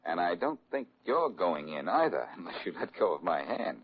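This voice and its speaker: Boston Blackie, a wisecracking detective, talks in a lowish voice that swings widely in pitch, teasing and breezy. It sounds like a dull old radio broadcast with a faint hiss under it. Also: male voice, very animated. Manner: breezy, teasing, quick with quips. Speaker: detective lead. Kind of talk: 1940s radio acting.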